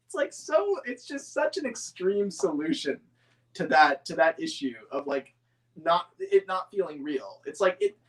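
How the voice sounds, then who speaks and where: A man's voice: a little high, big pitch swings, measured pace, fairly bright tone. A man rambling enthusiastically as a model-making hobbyist answering viewer questions, with many fillers and restarts. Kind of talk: casual chat.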